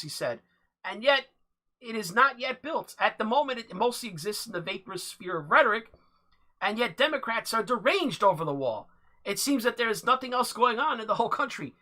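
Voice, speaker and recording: A livestream host giving political commentary, partly reading an article aloud at a steady, measured pace. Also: mid-range voice. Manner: halting, with many fillers and restarts.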